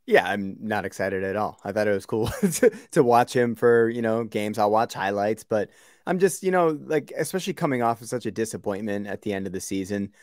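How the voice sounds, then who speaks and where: A man's voice: lowish voice, expressive, a little fast, a little mellow, no echo, clean studio sound. A man from the Boston area co-hosting a sports podcast, laid-back and rambling with lots of fillers. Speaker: podcast co-host. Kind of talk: casual sports podcast chat.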